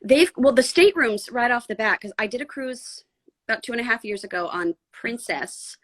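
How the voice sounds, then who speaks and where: A woman's voice: on the high side, animated, normal speed. Woman guest, voice actor from San Diego, casual and chatty. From San Diego, USA. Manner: chatty, many "like" fillers. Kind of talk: casual podcast chat.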